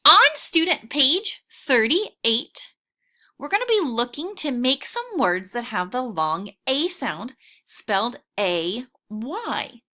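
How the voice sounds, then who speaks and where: A woman teaching a recorded phonics lesson for children, patient and encouraging, sounding out each word clearly. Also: a little high, big pitch swings, sharp tone. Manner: slow, clearly sounding out words.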